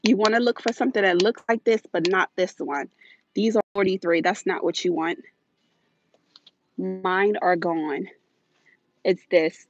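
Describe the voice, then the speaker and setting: A woman hosting a live shopping stream inside a large store, filming on a handheld phone and talking fast and chatty to her viewers while a little out of breath. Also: medium pitch. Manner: chatty, hurried, addresses viewers directly. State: slightly out of breath. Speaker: deal-hunting vlog host. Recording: dull phone audio.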